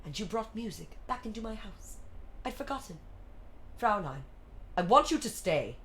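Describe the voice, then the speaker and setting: A woman's voice: medium pitch, sing-song, moderate pace, fairly bright tone, slight background noise, voice pushed down. A woman voicing a stern, formal widowed captain who talks in short, clipped lines, over music. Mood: contrite. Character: stern aristocratic widowed naval captain, man. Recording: music playing under the voice.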